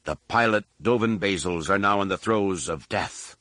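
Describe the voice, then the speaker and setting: A man's voice: lowish voice, normal speed, sharp tone, no echo, studio quality. A man voicing a plainspoken female alien guide in an audiobook. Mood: matter-of-fact. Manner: plain, explanatory.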